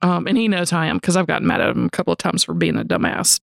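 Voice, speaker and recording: A woman in her forties with a Southern US accent, co-hosting a podcast and telling a story in a casual, animated, profane way. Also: fairly low pitch, rapid-fire, creaky, heavy background noise. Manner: animated, profane, frequently says y'all. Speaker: podcast co-host.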